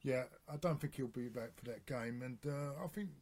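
Brief: man, radio co-host, mid-pitch, grumbling, halting delivery. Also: crowd noise. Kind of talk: casual sports radio chat.

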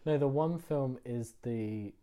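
A man co-hosting a podcast, chatting with quick, keen agreement. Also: mid-range voice, a crowd in the background. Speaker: podcast host. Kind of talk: casual chat.

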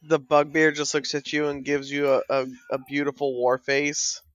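A woman's voice: deep voice, level tone, moderate pace, no echo, highs cut off. A woman narrating as game master in a casual tabletop game, rambling and swearing freely.

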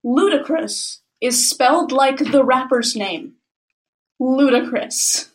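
A woman with a high, bright voice reads fan fiction aloud to her friends, hamming up the lines. Her delivery is dramatic and giggly, and she keeps it casual between passages. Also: moderate pace. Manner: dramatic, giggly, plays up the reading. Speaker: podcast co-host reading fan fiction aloud. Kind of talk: casual group chat, reading aloud.

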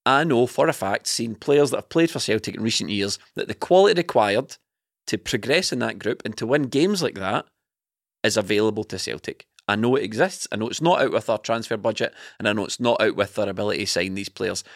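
A man's voice: fairly low pitch, expressive, fairly quick, dry recording, studio quality. A man, a podcast co-host, talking football in a heated, opinionated way. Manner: passionate, ranting opinions. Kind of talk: casual football chat.

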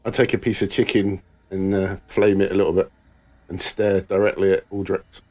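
A man playing a tabletop game, delivering dry, deadpan one-liners. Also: deep voice, normal speed, soft background music. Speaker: player. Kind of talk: tabletop role-play.

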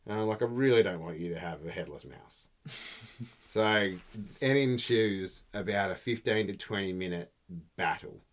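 A man's voice: fairly low pitch, moderate pace. A middle-aged man, co-hosting a podcast, telling stories in a laid-back, chatty way and swearing freely. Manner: laid-back storytelling, swearing, frequent laughs. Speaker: podcast co-host. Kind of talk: casual chat.

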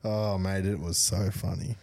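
A man's voice: deep voice, a little mellow, breathy edge, no echo. A young man co-hosting a podcast, telling a laughing, swearing anecdote in casual chat. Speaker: podcast co-host.

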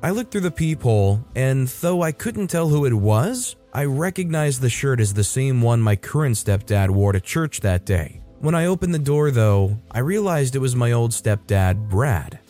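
Male narrator, mellow tone, steady conversational reading of stories, faint music under. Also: mid-range voice, moderate pace. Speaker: story narrator. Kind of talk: reading online stories aloud.

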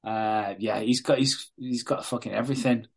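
A man's voice: medium pitch, steady tone, moderate pace, creaky, husky. Brief: male co-host, casual sweary recap chat. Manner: sweary, laughing, acts out quotes.

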